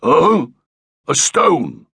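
A man doing a gruff, gravelly caveman dad. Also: a little high, wildly swooping pitch, drawn-out words, bright, forceful tone, no room sound, studio quality, voice pushed up, exaggerated voice. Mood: grumpy. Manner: irritable, snapping, grunting. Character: grumpy cursing caveman dad, middle-aged. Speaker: narrator voicing a character. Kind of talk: audiobook character voice.

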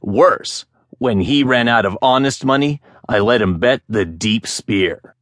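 A man voicing a boastful former pirate who tells tall tales in rough dialect. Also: medium pitch, measured pace, fairly bright tone, no echo, studio quality, voice pushed up, close to an everyday voice. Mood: storytelling. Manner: swaggering, dialect speech. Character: boastful old male ex-pirate storyteller.

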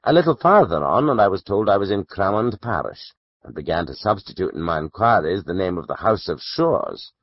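Male audiobook narrator, low voice, expressive, dry room, muffled lo-fi. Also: a little fast, no room sound. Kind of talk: scripted narration of a classic novel.

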